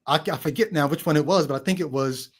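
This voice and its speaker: A man with a somewhat high voice hosts a relaxed film chat. He reflects out loud, circling back to the deeper implications of what he saw. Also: fast talker. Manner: reflective, thinks aloud about meanings. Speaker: podcast host. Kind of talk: casual film discussion.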